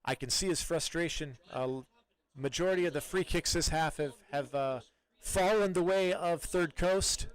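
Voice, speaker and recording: Chatty male soccer commentator, crisp dry voice. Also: a little high, normal speed, no room sound. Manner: relaxed, chatty, many fillers and restarts. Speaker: play-by-play commentator.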